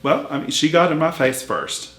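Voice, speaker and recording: With lively intonation and a fairly high voice at normal speed, a man portrays a brash 66-year-old hotel-dwelling woman. She meanders through her life story in a rambling mockumentary interview, full of fillers and restarts, in an echoey room over loud music.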